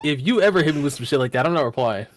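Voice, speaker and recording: A man's voice: on the high side, animated, rapid-fire, noisy background. A young man co-hosting a casual podcast, telling stories in heavy slang and laughing often. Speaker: podcast co-host. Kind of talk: casual chat.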